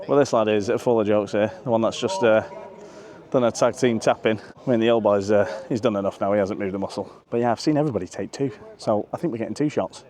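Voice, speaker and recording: A man's voice: fairly low pitch, fast talker, darkish tone. A man vlogging outdoors at a football stadium, joking crudely, swearing freely and out of breath. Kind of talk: casual chat to camera.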